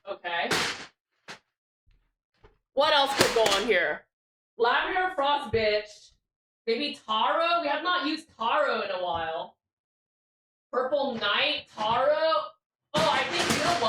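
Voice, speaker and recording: A young woman streaming live, chatting with viewers in a loud, excitable, jokey and rambling way. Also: on the high side. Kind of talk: casual live-stream chat.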